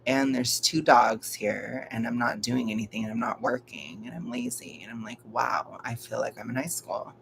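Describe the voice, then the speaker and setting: A young man with a gravelly edge talks casually from home, rambling and poking fun at himself. He laughs often between his thoughts. Faint room noise sits under his voice. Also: mid-range voice, fairly even intonation, moderate pace, hardly any pauses, fairly bright tone. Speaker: vlogger. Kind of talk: casual live-stream chat.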